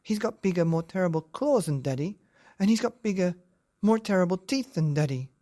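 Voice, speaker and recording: A man voicing a small, eager young Gruffalo child telling tales in a bedtime story. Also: high voice, animated, a little fast, warm tone, pitched above the performer's own voice. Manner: eager, tattling.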